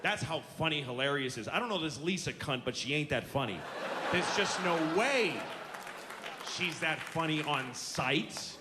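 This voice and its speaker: A male stand-up comedian delivers a profane, sarcastic rant into a handheld mic. His voice sits a bit high for a man and swings widely in pitch as he builds to outbursts. The live stage recording carries a clear layer of noise. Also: expressive, moderate pace, a crowd in the background.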